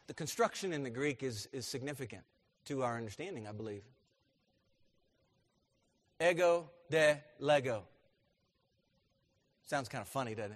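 Bright-voiced man preaching with rising emphasis. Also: medium pitch. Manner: rises to loud emphatic peaks, asks the congregation questions. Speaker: pastor. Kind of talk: sermon.

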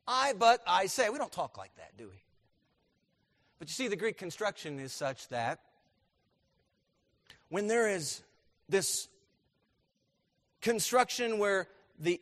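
Bright-voiced man preaching with rising emphasis. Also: fairly high pitch. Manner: rises to loud emphatic peaks, asks the congregation questions. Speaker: pastor. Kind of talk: sermon.

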